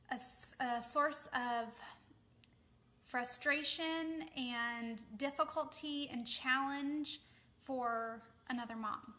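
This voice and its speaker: A woman's voice: high-pitched, sharp tone. A young woman, a mom, giving casual advice to the camera, chatty with lots of ums and a habit of asking "okay?". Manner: chatty, many fillers, keeps asking okay.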